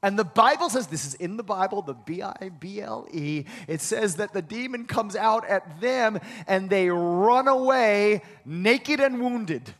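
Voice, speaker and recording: A pastor preaches a sermon in a high-pitched, fairly bright voice at a moderate pace with hardly any pauses, building to emphatic peaks and repeating key phrases. The recording carries a long hall reverb.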